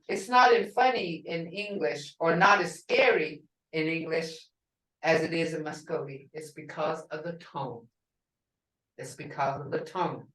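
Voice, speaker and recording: A middle-aged woman teaches a language class at a deliberate, unhurried pace, saying each word and then repeating it for her students. Her voice sits in a middle range. The mic is a little distant and picks up a roomy echo. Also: fairly low pitch, a bit bright. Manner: repeats words slowly for learners.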